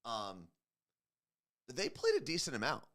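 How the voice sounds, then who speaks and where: A man co-hosting a morning show, talking loosely and at length, full of "um"s and restarts. His voice sits at an ordinary, middle pitch for a man. It is casual studio banter rather than a polished read. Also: a little slow, vocal fry. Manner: relaxed, rambling, many fillers. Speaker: radio show co-host.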